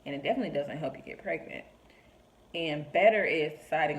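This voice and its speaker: A woman's voice: deep voice, fast, low-quality recording. A young woman talking earnestly to camera about her faith, encouraging listeners and acting out quoted voices. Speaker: vlogger sharing faith reflections. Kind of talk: heartfelt personal talk to camera.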